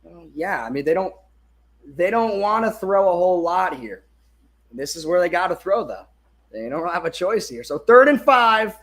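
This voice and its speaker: A man giving live watch-along commentary on a game as a fan streamer. He is excitable and swears, swinging from hyped shouting to muttered asides, and talks into a phone held in his hand. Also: high voice, normal speed.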